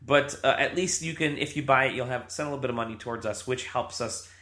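A man's voice: medium pitch, fast, sharp tone. A man hosting a casual podcast, laughing often and rambling through restarts. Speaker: podcast host.

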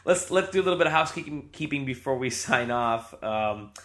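A man's voice: mid-range voice, animated, a little fast, fairly bright tone. A man hosting a casual podcast, laughing often and rambling through restarts. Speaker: podcast host.

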